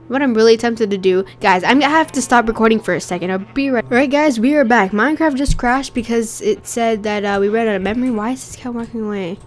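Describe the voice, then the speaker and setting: A young woman with a cold, coughing and rough-voiced, chatting casually and getting easily exasperated while she plays. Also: fairly high pitch, fairly quick. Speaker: gaming channel host. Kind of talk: casual gameplay commentary.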